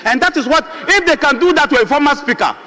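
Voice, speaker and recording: A Ghanaian man speaking in parliament, driving home his points with repeated rhetorical questions. His voice sits very high and rings bright and forceful. The long reverb of a large parliament chamber trails behind every word. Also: animated, fast. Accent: Ghanaian English. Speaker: member of parliament. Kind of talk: parliamentary debate speech.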